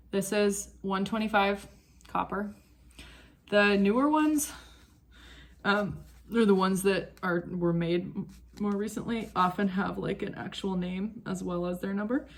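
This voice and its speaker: A young woman vlogging about knitting at home in a chatty, rambling way that wanders off topic. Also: medium pitch. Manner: chatty, rambling, easily sidetracked. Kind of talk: casual chat.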